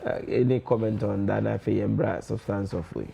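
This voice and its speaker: A man with a Ghanaian accent hosting a political talk show, moving between Twi and English in a measured way. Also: on the low side, gravelly, mellow. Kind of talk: radio-TV political discussion.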